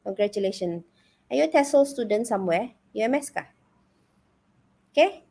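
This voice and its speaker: A woman's voice: fairly high pitch, a little fast, gravelly, breathy edge. A woman with a Malaysian English accent teaching a live online exam-prep lesson, coaxing her students with frequent questions. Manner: animated, coaxing, asks the class questions.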